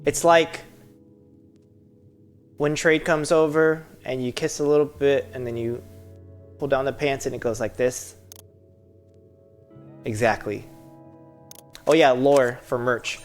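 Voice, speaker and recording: A woman streams a game and rambles to her viewers in a loose, joking way. Her voice is low and deep, and game music plays clearly under everything she says. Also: fairly even intonation, measured pace, pauses often. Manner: rambling, joking, talks to chat. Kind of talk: casual gameplay commentary.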